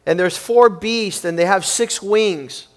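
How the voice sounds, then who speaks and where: Pastor, male, high voice, preaching with emphatic, repetitive force. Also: slow pace. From Cuban upbringing. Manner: emphatic, repetitive, building in intensity. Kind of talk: sermon.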